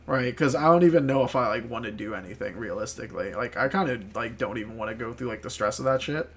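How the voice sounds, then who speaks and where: A man's voice: mid-range voice, animated, brisk, a bit bright. A man telling a rambling story on a podcast, full of filler words and swearing. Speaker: podcast co-host. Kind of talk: casual chat, storytelling.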